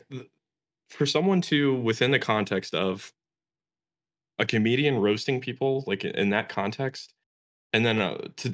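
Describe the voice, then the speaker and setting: Low-voiced young man, emphatic chat. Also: a bit bright. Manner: emphatic, hesitant with many fillers and restarts, swears. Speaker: podcast co-host. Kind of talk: casual chat.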